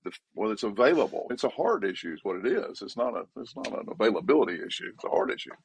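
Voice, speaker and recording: A man, a pastor talking in a casual podcast conversation, emphatic and repetitive, pitch jumping up when he stresses a point. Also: very animated, quick pace, creaky, husky.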